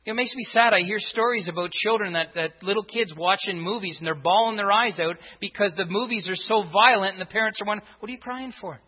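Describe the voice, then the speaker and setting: Barely pausing, a pastor with a high-pitched, husky voice rushes through his sermon at a quick pace. He pounds his points with rhetorical questions, one after another, in a dull, echoing church sanctuary recording.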